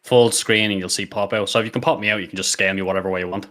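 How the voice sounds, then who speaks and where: Laid-back lower-voiced man chatting on a call. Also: fairly even intonation, racing, fairly bright tone. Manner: laid-back, rambling, swears casually. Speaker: co-streamer guest on a voice call. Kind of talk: casual chat.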